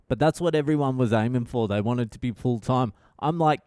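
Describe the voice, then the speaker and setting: A man hosts his own podcast, riffing alone through profane, rambling comic stories. His voice is smooth and resonant. It is recorded dry and close, with no room sound. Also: mid-range voice, normal speed, hardly any pauses, a little mellow, dry recording. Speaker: podcast host. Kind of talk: casual solo monologue.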